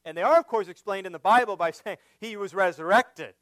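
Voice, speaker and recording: A man preaching an expository sermon, building to emphatic, louder points as he drives home his argument. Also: high-pitched, no room sound. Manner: slow, emphatic preaching that rises when stressing a point. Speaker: pastor.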